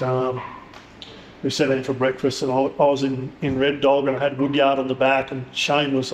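A man's voice: medium pitch, slight background noise. A man with an Australian accent, a podcast guest telling stories in blunt casual chat, swearing freely. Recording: echoey room, faint ambience.

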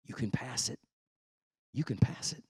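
A man voicing God as a fatherly figure, gently and earnestly warning in a soft, slow voice. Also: medium pitch, vocal fry, slightly rough, voice pushed down. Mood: pleading.

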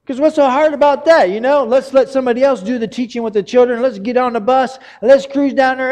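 Male pastor, sermon, high voice, earnest, stumbling restarts, long hall reverb. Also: lively intonation, brisk, few pauses, a little mellow. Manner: earnest, confessional, rambling with many restarts.

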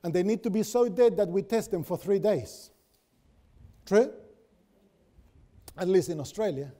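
A man's voice: sits high, animated, measured pace, warm tone. A man, a pastor, preaching a sermon and telling stories, with many rhetorical questions to the congregation.

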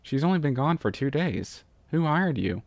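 A man's voice: on the high side, big pitch swings, moderate pace, vocal fry, darkish tone, dry recording. A man voicing a blunt, stubborn female pony who is an adventurous archaeology professor, in a storybook reading.

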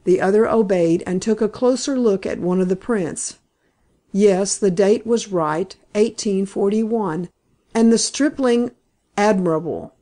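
A woman reading a novel aloud in steady, even scripted narration. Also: medium pitch, a little slow. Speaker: audiobook narrator.

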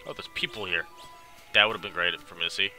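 A man's voice: low voice, fast talker, pushed and bright, soft background music. A young Irish man commentating his video game playthrough, joking and mocking himself while reading the dialogue aloud. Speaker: gaming video host. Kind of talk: let's play commentary.

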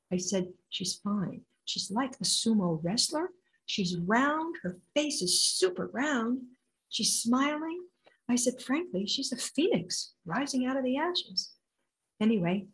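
An older woman, an intuitive healer being interviewed, telling stories with lively acted-out quotes. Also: medium pitch, poor audio. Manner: animated, acts out quoted voices. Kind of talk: storytelling interview answer.

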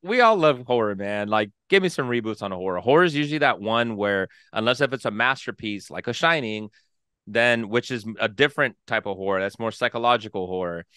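A man's voice: lowish voice, lively intonation, a little fast, bright, forceful tone, clear, resonant tone, no echo, clean studio sound. A man co-hosting a podcast, giving emphatic opinions in casual chat. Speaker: podcast co-host.

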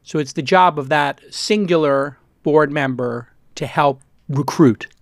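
A man hosting a podcast interview, chatty and jokey, with quick asides. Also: a little high, no room sound, clean studio sound. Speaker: podcast host. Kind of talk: casual interview chat.

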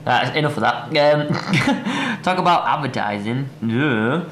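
A man chatting casually in a home vlog, often breaking into high excited squeals. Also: slow pace, echoey room, slight background noise. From United Kingdom. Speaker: vlogger. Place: house.

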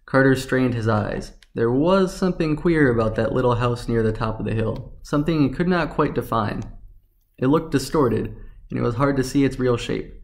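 Man narrating a story in a mid-pitched voice. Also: moderate pace, vocal fry.

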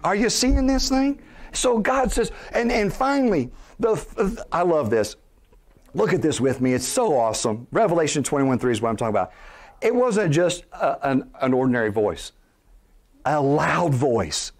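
A middle-aged man preaching a sermon as pastor, animated, posing rhetorical questions and building toward near-shouts. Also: a little high, unhurried.

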